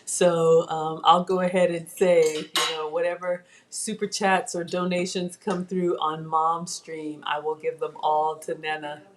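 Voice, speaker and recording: A woman's voice: deep voice, little pitch movement, measured pace, hardly any pauses, a little hiss or hum. A middle-aged woman hosting a casual home cooking livestream, chatting and reading viewer comments aloud from her kitchen.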